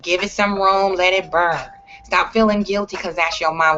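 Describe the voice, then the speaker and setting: A woman's voice: on the low side, steady tone, normal speed, sharp tone, muffled recording, a little hiss or hum. A woman talking straight to camera in a blunt, profane, emphatic rant. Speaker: vlogger. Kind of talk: ranting vlog monologue.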